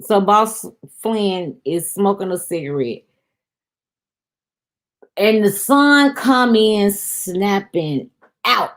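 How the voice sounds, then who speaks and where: Slow-talking woman recapping a TV episode. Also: mid-range voice, lively intonation. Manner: chatty, addresses viewers as "y'all". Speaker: show review host.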